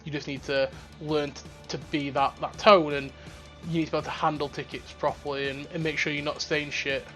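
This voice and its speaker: A young podcast host with a high-ish voice talks fairly quickly over faint music in a casual chat. He rambles, swears a lot, and tells stories in an animated way.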